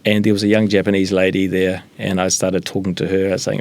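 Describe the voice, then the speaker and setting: As a guest, this middle-aged sushi business founder from New Zealand speaks in a low, monotone, slightly mellow voice, a little quickly. He chats casually in the interview, his stories peppered with fillers and false starts.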